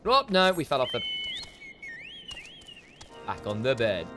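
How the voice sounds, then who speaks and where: A man's voice: medium pitch, sing-song, normal speed, pauses often, fairly bright tone, faint music behind. A man streaming a game and muttering commentary to himself as he plays. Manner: muttering to himself while playing. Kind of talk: gameplay commentary.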